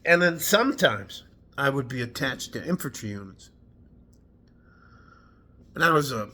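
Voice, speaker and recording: A middle-aged man, an army veteran, talking casually to camera at home, halting and rambling, foggy from medication, swearing now and then. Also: medium pitch, pushed and bright. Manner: rambling, halting, swears, loses his train of thought. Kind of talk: emotional casual talk to camera. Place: at home indoors.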